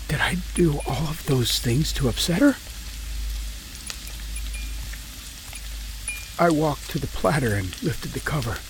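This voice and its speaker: A man's voice: mid-range voice, slight background noise. A man playing a volatile, regretful prisoner. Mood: reflective. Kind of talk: audio drama with first-person narration.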